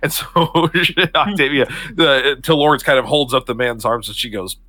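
A man's voice: mid-range voice, moderate pace, sharp tone, dry recording. A man narrating a tabletop game as game master, in a casual way with frequent laughter.

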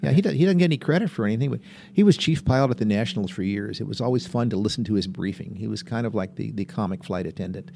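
Gravelly older man telling stories. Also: fairly low pitch, expressive, rapid-fire, darkish tone, slight background noise. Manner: rambling, chuckling raconteur. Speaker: veteran skydiver and guest. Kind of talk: casual anecdotal storytelling.

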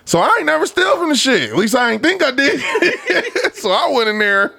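A man's voice: extremely high pitch, wildly swooping pitch, normal speed, creaky, pushed and bright, dry recording. A young man co-hosting a podcast, animatedly telling a work story, swearing freely and acting out coworkers' voices. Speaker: podcast co-host. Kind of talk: storytelling in casual chat.

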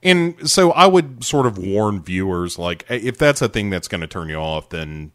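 A man's voice: lowish voice, expressive, moderate pace, a bit bright, dry recording, studio quality. A man co-hosting a casual TV review podcast, talking with frequent hesitations. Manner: hesitant, many fillers and restarts. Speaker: podcast co-host.

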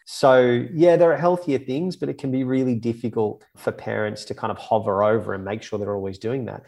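A man with a gravelly, mid-pitched voice. He talks through ideas in long, casual runs and keeps checking in with listeners. The tone is relaxed and conversational, as on a podcast. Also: fairly quick, few pauses. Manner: explains in long runs, often tagging "right?".

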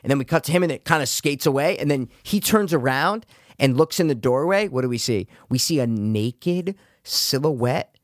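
A man recaps a film in casual chat, keeping an animated pace and acting out each character's lines along the way. His voice sits at an everyday middle pitch. The recording is close and dry. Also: normal speed, dry recording. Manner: animated, acts out quotes with sudden high yelps.

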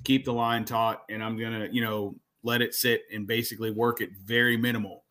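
A man's voice: medium pitch, little pitch movement, brisk, sharp tone. Rambling man explaining on a podcast. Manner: explains at length, starts sentences with "so". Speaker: podcast co-host. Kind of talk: casual podcast chat.

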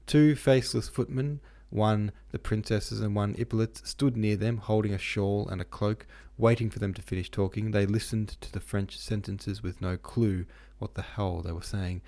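A man with a low voice retells a classic novel in loose, profane slang. His narration is irreverent and casual throughout. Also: steady tone, moderate pace, hardly any pauses, mellow.

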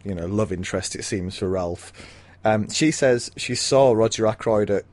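A man's voice: fairly low pitch, moderate pace, darkish tone. Man recapping a mystery plot. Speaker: podcast co-host. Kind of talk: casual book discussion.

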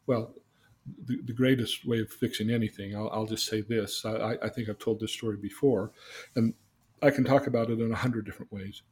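A man's voice: lowish voice, steady tone, fairly quick, darkish tone. Earnest man telling personal stories. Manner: earnest, repeats himself, asks leading questions. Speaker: guest telling life stories. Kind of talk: casual personal storytelling.

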